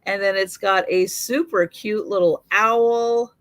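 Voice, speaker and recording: Steady and fairly bright in a mid-range voice with a slightly tired edge, a woman runs a live online sale of vintage goods. She prices the pieces slowly, one by one, with filler words in between.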